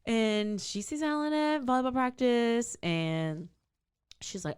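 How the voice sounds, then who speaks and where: A woman co-hosting a casual true-crime podcast, telling the story in a rambling, animated way. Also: on the high side, takes it slowly, smooth. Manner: animated, rambling, acts out quotes. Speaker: podcast co-host.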